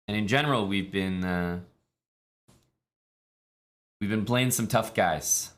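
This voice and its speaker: A man from Canada, streaming chess in a relaxed, chatty way with many fillers. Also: lowish voice, slow. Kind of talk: casual live-stream commentary.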